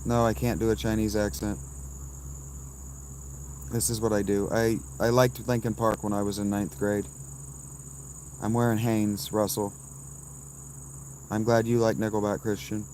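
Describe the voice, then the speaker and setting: A man in his thirties, live streaming from a campsite and answering his chat with blunt, dismissive, quick replies. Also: on the low side, flat delivery, a little mellow, a little hiss or hum. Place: outdoors at a campsite.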